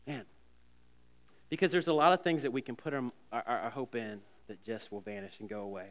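A man's voice: medium pitch, fairly quick. A man in his thirties preaching an earnest sermon as a pastor, often stumbling over repeated words. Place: church sanctuary. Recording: long reverb of a church hall.

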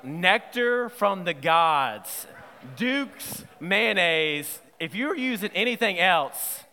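A man preaching a sermon in a playful, lively way, quizzing his audience as he goes. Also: high voice, long reverb tail. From Southern United States. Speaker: pastor.

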